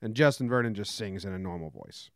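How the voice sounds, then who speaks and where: A man co-hosting a casual talk show, wry and animated, mock-singing snippets as he talks. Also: lowish voice, quick pace, vocal fry, no room sound, clean studio sound. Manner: wry, animated storyteller, mock-sings bits. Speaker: podcast co-host. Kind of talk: casual chat.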